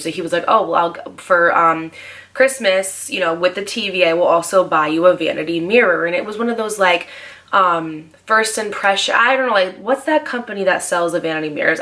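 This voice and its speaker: A woman's voice: fairly low pitch, a bit bright. A young woman in her twenties telling a storytime vlog, chatty and full of "like" fillers. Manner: chatty, fast, heavy use of "like". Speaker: vlogger. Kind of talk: casual storytime.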